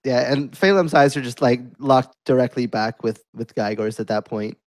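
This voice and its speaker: A man casually describes what his character does in a tabletop game, in a relaxed way. His voice is mid-pitched. The sound is dry and close. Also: moderate pace, dry recording. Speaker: player.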